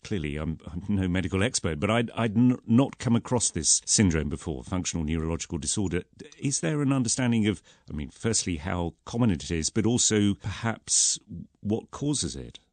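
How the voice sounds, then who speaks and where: Deep-voiced male radio presenter. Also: animated, normal speed, darkish tone, no room sound. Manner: hesitant, searching questions with many restarts. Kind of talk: radio interview.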